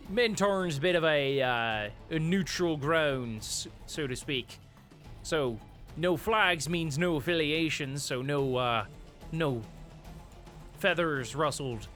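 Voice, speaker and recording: A man voicing a friendly harbor dockhand in a tabletop game, unhurried and rambling. The voice is bright and forceful, the delivery slow. Soft music plays underneath. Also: a little high. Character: male dockhand of a neutral island port, chatty.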